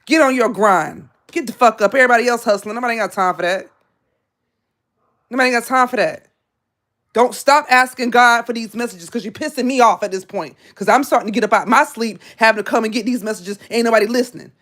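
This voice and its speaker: A tarot reader delivers a live reading as a scolding monologue in a fast, high-ish, fairly bright voice. She's blunt and profane, confrontational and repetitive, hammering the same lines over and over.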